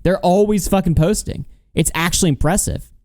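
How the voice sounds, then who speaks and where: A man's voice: high-pitched, fairly quick, a little mellow. A man hosting a casual commentary stream, laughing often and swearing freely as he mocks what he is watching. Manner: laughing, profane, mocking banter. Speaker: commentary host.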